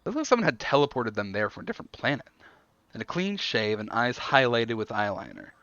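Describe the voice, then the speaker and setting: A man streaming himself reading an interactive story aloud, thinking out loud between the narration. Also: mid-range voice, very animated, fairly quick, dry recording, dull audio.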